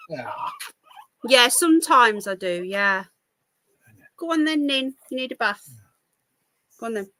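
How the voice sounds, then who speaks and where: A woman's voice: a little high, measured pace, pauses often, bright, forceful tone, no echo. A woman hosting a casual live stream, talking to her pets in cooing baby talk. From United Kingdom. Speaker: livestream host.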